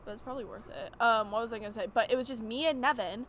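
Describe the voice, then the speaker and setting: A woman in her late teens, a podcast guest chatting casually and telling a story with lively acted-out quotes. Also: fairly high pitch, fast talker, a crowd in the background. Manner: animated storyteller, acts out quoted lines. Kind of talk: casual chat.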